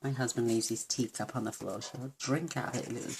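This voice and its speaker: A woman's voice: a bass voice, fairly even intonation, brisk, a little mellow, a little hiss or hum. A woman giving a chatty, homely papercraft tutorial at her craft table, full of self-deprecating asides. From United Kingdom. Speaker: papercraft demonstrator.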